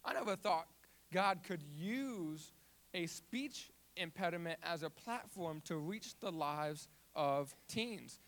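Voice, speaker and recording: Young man, stutter, animated testimony, higher-pitched voice. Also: takes it slowly. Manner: repeats and restarts words, animated storytelling. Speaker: youth ministry volunteer. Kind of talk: personal testimony.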